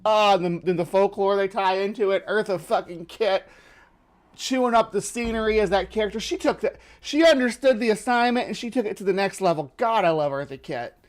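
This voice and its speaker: Male stream host from the lower Midwest, voice on the higher side; casual, rambling commentary full of fillers and restarts. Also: a little fast. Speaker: livestream host.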